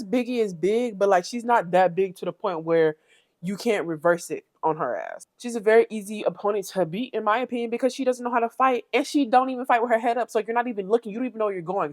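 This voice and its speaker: A woman's voice: mid-range voice, dry recording, clean studio sound. A young woman hosting a reality TV recap, blunt, sassy and opinionated. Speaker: commentary channel host.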